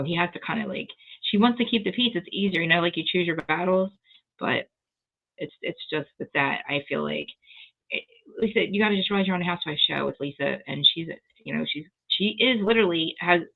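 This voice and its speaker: Woman guest, quick gravelly delivery, rambling and profane recap, phone-line audio. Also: fairly low pitch. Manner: rambling and profane, acts out quotes. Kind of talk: casual reality-TV recap chat. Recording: tinny phone-like call audio.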